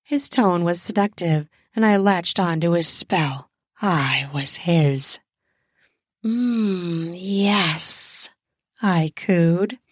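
A woman host narrating an erotic story in the first person with a deliberate, close-miked reading. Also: on the low side, dry recording.

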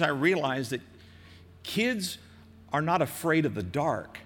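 A man's voice: fairly high pitch, expressive. Older man pastor preaching in a reverberant hall. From American Midwest. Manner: earnest, exhorting, slows and softens for emphasis. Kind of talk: sermon.

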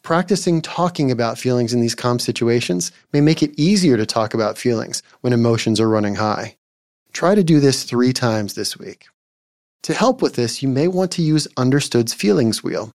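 A male psychologist hosting a podcast, giving scripted parenting advice in a calm, measured, gently instructive way. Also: medium pitch, dry recording, clean studio sound.

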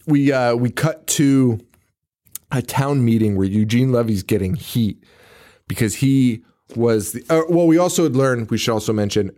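A man's voice: mid-range voice, mellow. A man casually recapping a movie on a podcast, joking, swearing and laughing often as he acts out lines. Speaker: podcast co-host.

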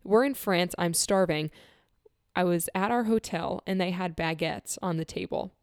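A woman tells a personal story in an easy, conversational voice. She is earnest and animated and laughs often, and she acts out the quotes in her story. The recording is close and dry, with no room echo. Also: on the low side, normal speed.

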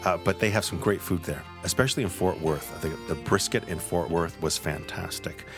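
A man's voice: low voice, moderate pace, over music. A man co-hosting a food podcast, chatting easily and introducing a guest. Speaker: podcast co-host, publisher. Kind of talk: casual podcast chat.

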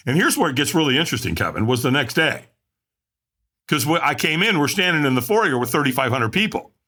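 Guy telling a big dramatic story on a podcast, bit husky, voice jumps all over. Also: very animated, a little fast, bright, forceful tone. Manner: dramatic, acts out quotes with big pitch jumps. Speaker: podcast guest. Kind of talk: animated storytelling.

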